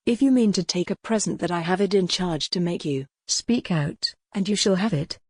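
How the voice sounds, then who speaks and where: A stern, blunt male lawyer from a classic novel audiobook, voiced by a synthetic woman. The delivery is low-pitched and even. The recording is dry and close. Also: moderate pace, breathy edge, no echo. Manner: even, machine-read delivery.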